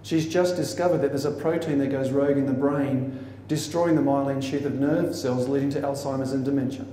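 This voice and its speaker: A man's voice: mid-range voice, steady tone, a little fast, mellow, a little hiss or hum. A man giving a motivational talk to teachers, telling stories theatrically with mock quotes. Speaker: motivational speaker. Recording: echoey hall from far off.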